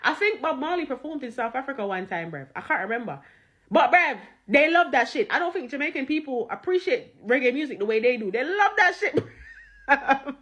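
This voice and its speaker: A woman telling an anecdote to camera in a slangy, animated way, full of swearing and calling the listener "bruv". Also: high voice, fairly quick. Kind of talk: casual storytelling to camera.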